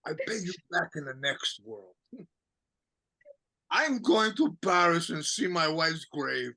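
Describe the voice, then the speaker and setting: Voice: medium pitch, big pitch swings, slow, bright, forceful tone, exaggerated voice. An actor reading the part of a bitter, mocking aging count who laughs at himself and breaks into tears, in an amateur play reading. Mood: pleading.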